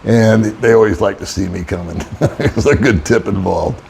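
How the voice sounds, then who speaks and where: A man's voice: on the low side, normal speed, creaky, a little mellow, slight background noise. An older man, an expat vlogger, telling a rambling, wry story in casual monologue and chuckling often. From United States.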